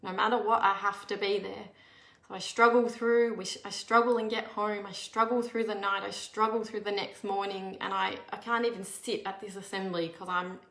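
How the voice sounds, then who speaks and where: A woman, telling a personal story. She speaks earnestly and candidly, often restarting her sentences. Her voice sits at an ordinary middle pitch in a noticeably echoey room. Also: fairly even intonation, normal speed, gravelly, fairly bright tone.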